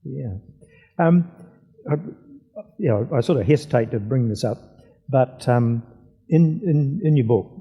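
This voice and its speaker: A man interviewing an author on stage at a book festival, speaking haltingly with many fillers. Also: mid-range voice, expressive, warm tone, breathy edge. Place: festival venue hall. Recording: dull reverberant hall sound.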